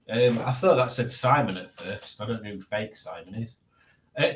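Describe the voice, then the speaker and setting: A man's voice: mid-range voice, lively intonation, normal speed, a bit bright, reverberant. A man hosting a casual livestream at home, rambling as he reads chat messages aloud. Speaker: livestream host reading chat. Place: at home, indoors.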